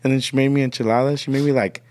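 A man's voice: medium pitch, steady tone, racing, a little mellow. A man telling a story in casual podcast chat, swearing a lot, laughing and acting out his relatives' lines. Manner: profane, laughing, acts out relatives in quotes. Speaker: podcast guest.

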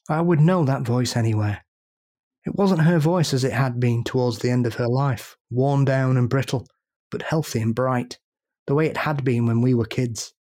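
Guy reading a sad story on a podcast, middle pitch, lots of dramatic pauses. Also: a little mellow. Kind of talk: narrated story reading then casual chat.

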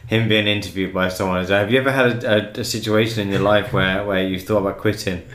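A man's voice: lowish voice, steady tone, fast talker, fairly bright tone. A man hosting a podcast, asking loose, trailing questions in a casual chat. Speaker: podcast host. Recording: echoey room.

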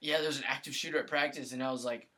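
A young man telling a relaxed, rambling story in a casual chat. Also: medium pitch, fast.

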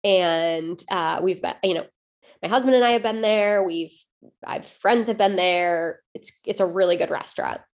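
A woman co-hosting a podcast, telling a story in loose, animated chat. She leans on fillers and restarts as she talks. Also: lowish voice, normal speed. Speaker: podcast co-host. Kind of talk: casual chat.

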